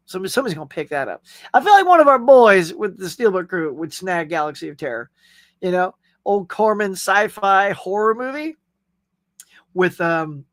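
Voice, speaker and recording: Hosting a laid-back live chat show, this man chats his way through viewer comments, friendly and rambling, laughing often and leaning on plenty of fillers. His voice sits high and a bit bright. The sound is dry and studio-clean.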